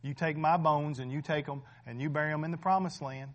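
A man's voice: a little high, fairly even intonation, brisk, close to an everyday voice. A man doing a stubborn dying old patriarch. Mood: stern. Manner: insistent, commanding.

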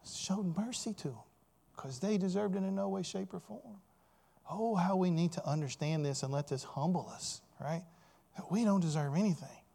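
Male pastor, higher voice, preaching with rising emphatic peaks. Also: vocal fry. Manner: emphatic preaching, swelling loud on key points, asks the congregation "right?". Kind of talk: sermon.

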